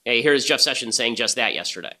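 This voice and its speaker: A man's voice: mid-range voice, animated, fast, bright, forceful tone. A man hosting a political podcast, delivering emphatic, argumentative commentary. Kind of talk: fast opinionated commentary.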